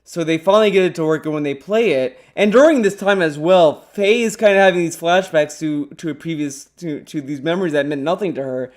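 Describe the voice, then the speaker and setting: A man streaming casual commentary, rambling excitably and swearing often as he talks. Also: sits high. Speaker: streamer reacting to a clip.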